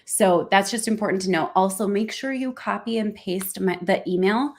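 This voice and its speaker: A woman author as a guest on a live stream interview, chatty and excited. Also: medium pitch, moderate pace, slight background noise.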